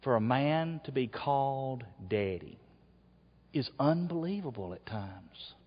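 Pastor preaching: slow and very expressive, a little husky, dull long-reverb church recording. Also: male voice, medium pitch. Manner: preaching that swings from quiet asides to loud shouts. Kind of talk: sermon. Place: church sanctuary. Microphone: wearable mic.

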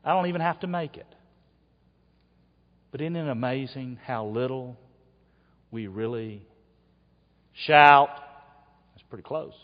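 A man preaching a sermon, dropping to quiet asides and then rising to loud shouts. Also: mid-range voice, fairly even intonation, normal speed, long pauses. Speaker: pastor. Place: church sanctuary. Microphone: wearable mic. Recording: dull, long hall reverb.

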